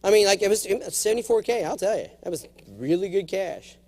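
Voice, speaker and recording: A man in his forties giving a humorous conference keynote, telling stories and jumping into acted quotes. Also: fairly quick. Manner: animated storyteller, jumps to high acted quotes. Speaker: keynote speaker. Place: large conference hall.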